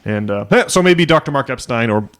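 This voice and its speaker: A man's voice: mid-range voice, lively intonation, fairly quick, fairly bright tone. A man hosting a podcast in casual chat, rambling with frequent fillers, restarts and chuckles. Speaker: podcast host.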